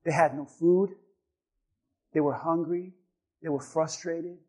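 A man preaching a sermon as pastor, telling a story calmly and then building to shouted exhortation. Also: fairly high pitch, takes it slowly.

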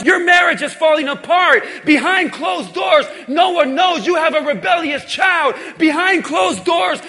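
With a high, ringing voice that has a bright, forceful edge, a male pastor preaches a passionate sermon, hammering home repeated refrains. A long church-hall reverb hangs on the sound.

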